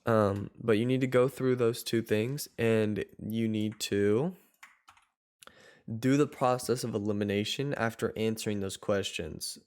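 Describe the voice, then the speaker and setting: A man's voice: fairly low pitch, fairly even intonation, unhurried, darkish tone, clear, resonant tone. A man coaching viewers step by step in a loose, rambling way, often restarting his sentences. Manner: rambling, self-correcting, loose and chatty. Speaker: online course coach. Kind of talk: casual tutorial talk.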